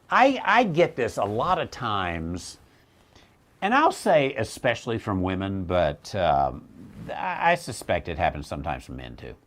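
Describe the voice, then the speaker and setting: A man hosting a Bible question show, talking in a blunt, wry way, with quick self-mocking laughs and mocking asides. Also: fairly low pitch. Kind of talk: casual teaching talk.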